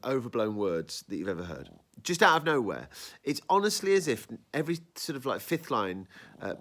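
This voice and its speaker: Male podcast host, lively, rambling, talks over himself. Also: medium pitch. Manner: animated, rambling, self-interrupting. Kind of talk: casual review chat.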